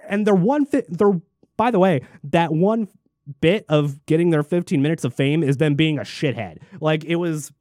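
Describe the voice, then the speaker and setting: A man in a furious, profanity-laden political rant, heaping scorn on his targets. His voice sits a little high. The sound is dry and close, with no room around it. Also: a little mellow, no echo. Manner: angry, profane, mocking mimicry. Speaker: commentator. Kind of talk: ranting political commentary.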